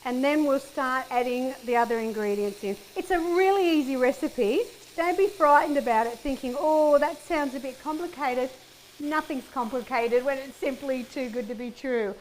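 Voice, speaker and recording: A middle-aged woman hosts a cooking show from her home kitchen, chatting upbeat to viewers while she chops and fries in a casual demonstration. Her high-pitched voice moves at a normal speed with hardly any pauses. A little hiss or hum sits under the sizzling pan and kitchen clicks.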